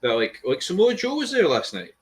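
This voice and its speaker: A man's voice: sits high, huge pitch swings, brisk. A man co-hosting a podcast, rambling and swearing in casual chat, laughing often. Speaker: podcast co-host.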